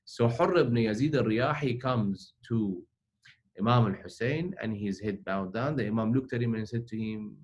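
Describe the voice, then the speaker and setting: A man's voice: lowish voice, normal speed. A man teaching a religious ethics class in a conversational way, explaining through everyday examples.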